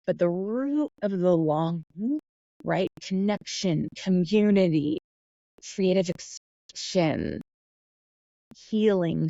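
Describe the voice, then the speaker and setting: Mellow-voiced woman hosting a reflective podcast. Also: mid-range voice, dry recording, lo-fi sound. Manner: soft, meandering, with frequent fillers and self-corrections. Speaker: podcast host. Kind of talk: reflective guided talk on manifesting.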